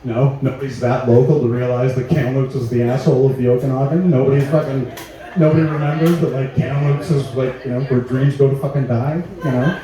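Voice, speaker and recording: A man's voice: medium pitch, fairly even intonation, a little fast, warm tone. A man in his thirties from Canada doing a profane, rambling, self-mocking stand-up comedy set at a small live venue. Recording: echoey room, distant mic, faint ambience.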